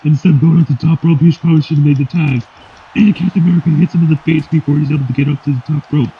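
A man giving excitable play-by-play wrestling commentary that breaks into sudden high shouts. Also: racing. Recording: dull lo-fi recording with faint hiss.

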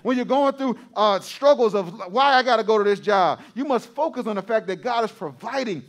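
A man's voice: high voice, lively intonation, brisk. A male pastor preaching a sermon to his congregation, repeating phrases for emphasis and calling out to the crowd.

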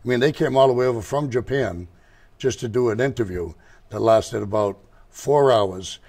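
A man's voice: mid-range voice, normal speed, a little mellow. An older man who owns a motorcycle shop, telling rambling, digressive stories as a guest in an interview. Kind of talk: casual storytelling interview.

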